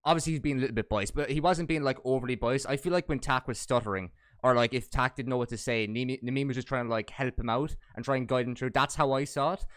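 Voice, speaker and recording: A man's voice: mid-range voice, fast talker, few pauses, clean tone, no room sound, clean studio sound. A man hosting a podcast and talking in an easygoing, conversational way. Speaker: podcast host. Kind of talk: casual podcast chat.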